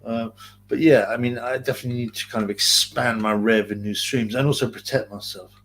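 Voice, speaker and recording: A man's voice: mid-range voice, steady tone, fairly quick, a bit bright, slight background noise. A man with a London accent hosting a casual livestream, rambling in slang and reading chat comments aloud. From Greater London. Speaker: livestream host.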